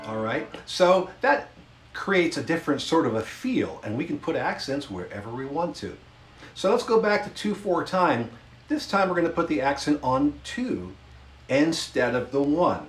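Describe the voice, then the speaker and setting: A man's voice: a little high, big pitch swings. A man teaching a beginner music lesson, counting beats patiently and explaining time signatures. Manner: slow, patient counting along while strumming. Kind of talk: instructional lesson with demonstrations. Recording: roomy sound with instrument playing.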